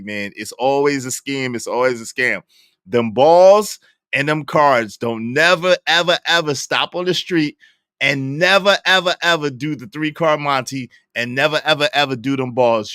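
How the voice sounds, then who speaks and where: A young man with a Brooklyn accent, giving slangy, animated live-stream commentary and laughing often. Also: medium pitch, dry recording, clean studio sound. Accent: Brooklyn New York. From Brooklyn, New York. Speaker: streamer reacting to a show.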